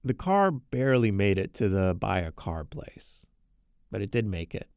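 Man with a gravelly voice, dry close mic, earnest personal storytelling with stumbling repeats. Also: on the low side, very animated, moderate pace, a little mellow, no echo. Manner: earnest, repeats words when emotional. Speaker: podcast narrator.

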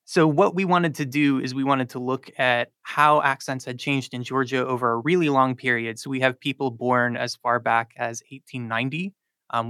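Guy from north carolina explaining linguistics on the radio, bright crisp voice, says like a lot, super dry mic. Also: medium pitch, dry recording. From South Charlotte, North Carolina. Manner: explanatory, fluent with frequent "like" and "um". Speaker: linguistics professor, guest. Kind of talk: radio interview answers.

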